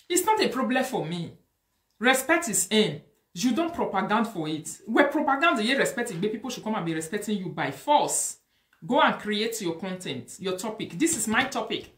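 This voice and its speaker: A woman's voice: medium pitch, big pitch swings, a little fast, fairly bright tone, roomy sound. A woman with a Nigerian Pidgin accent, lecturing and scolding in a social media commentary. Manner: preachy, lecturing, mixes Pidgin and Yoruba-like phrases. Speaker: online commentator.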